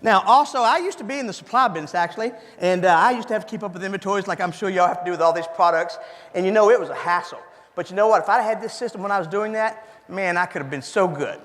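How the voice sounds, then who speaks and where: A man's voice: high voice, fast, fairly bright tone. A man with a Cajun accent giving an interactive keynote speech in a folksy, chatty way, repeating the audience's answers back to them. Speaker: keynote speaker. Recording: hall reverb.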